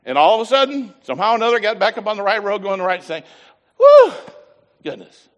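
Animated man preaching in a reverberant hall. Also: high voice, rapid-fire. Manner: animated, folksy storytelling with voiced asides. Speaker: pastor. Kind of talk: storytelling sermon.

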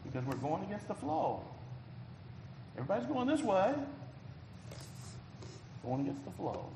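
A man preaching a folksy, emphatic sermon, with a slightly higher voice that swells loud on key phrases. He sounds echoey, with a long hall reverb and faint room noise behind him. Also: very animated, normal speed. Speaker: pastor.

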